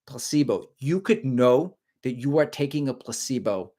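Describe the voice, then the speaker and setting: A man's voice: medium pitch, lively intonation, normal speed, dark tone. A middle-aged man hosting a casual live stream, joking and rambling while he reads viewer comments aloud.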